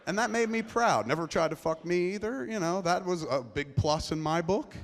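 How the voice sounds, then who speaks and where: A middle-aged man telling a personal story live on stage, profane and rambling, his voice dropping to a hush and then rising loud. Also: sits high, lively intonation, normal speed. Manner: profane, rambling, swings between hushed and loud. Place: large theater before a live audience. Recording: long reverb of a large hall.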